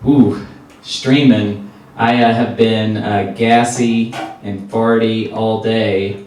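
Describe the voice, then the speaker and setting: A man's voice: fairly low pitch, fairly even intonation, slow pace, a little mellow. A man opening a stand-up comedy set in an offhand, self-mocking way. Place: comedy stage. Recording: very echoey hall, far off, faint noise.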